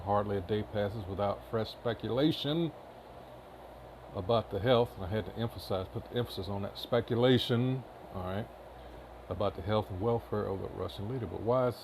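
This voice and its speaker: A man's voice: fairly low pitch, fairly even intonation, brisk, background noise. A man reading news headlines aloud in casual commentary, with many filler uhs and short asides. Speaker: commentary channel host.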